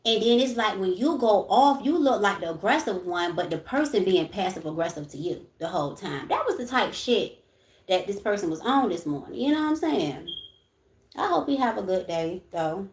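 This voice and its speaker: A young woman speaking, hosting a casual livestream. She talks in a frank, chatty way, swears freely and keeps checking in with her listeners. Her voice sits at a middle pitch and rings a little in an echoey room. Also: lively intonation, moderate pace. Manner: chatty, frank, swears freely, keeps saying "you know what I'm saying". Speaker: livestream host.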